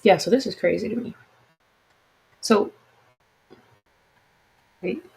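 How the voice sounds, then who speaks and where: A woman's voice: mid-range voice, slow pace, creaky, a little mellow, slightly rough, poor audio. A woman hosting a casual livestream, talking frankly and chattily with apologetic asides to her listeners. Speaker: podcast host.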